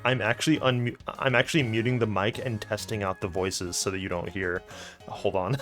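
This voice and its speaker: A man's voice: on the low side, level tone, a little fast, a bit bright, soft background music. A young man streaming live, chatting casually in a rambling, stammering way and swearing often.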